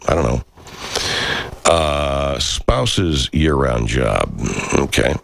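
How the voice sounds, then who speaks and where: A middle-aged man with an extremely deep, gravelly voice talks off the cuff to his viewers like the radio host he is. He rambles, curses easily, and swings his pitch around with lively energy. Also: extremely slow. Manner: rambling, profane and animated. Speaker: radio talk show host. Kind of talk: casual live chat answering viewer comments.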